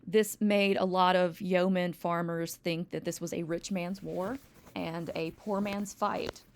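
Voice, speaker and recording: Woman teacher, lecture, low voice, gravelly, wry, rambling, lots of ums. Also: steady tone, unhurried, a little hiss or hum. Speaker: history teacher. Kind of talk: recorded classroom lecture. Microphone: home recording, textbook open nearby.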